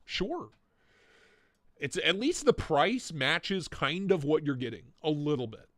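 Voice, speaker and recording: A man's voice: fairly high pitch, sing-song, slow, fairly bright tone, no room sound, studio quality. A man hosting a casual live stream, riffing and joking with mock indignation, with a stuffy, blocked nose. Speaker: livestream host reviewing knife listings.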